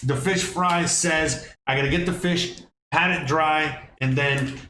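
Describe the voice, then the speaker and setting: A man rambles through a casual home-kitchen cooking livestream, a little slow, with lots of fillers and restarts. His fairly high voice has a sharp tone. The sound comes from a counter microphone in an echoey kitchen with background noise.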